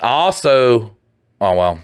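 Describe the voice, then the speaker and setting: A man's voice: medium pitch, very animated, slow pace, clean tone, dry recording, clean studio sound. A man co-hosting a podcast in crude casual chat, blunt and profane, reading listener letters aloud. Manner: blunt, profane, mocking put-on voices. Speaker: podcast co-host.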